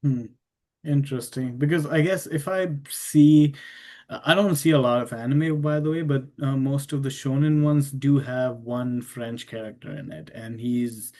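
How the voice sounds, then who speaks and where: A man hosts the interview, asking casual questions that trip and restart along the way. He laughs lightly as he feels his way toward each point. His voice sits at an ordinary middle pitch. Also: steady tone, moderate pace, darkish tone.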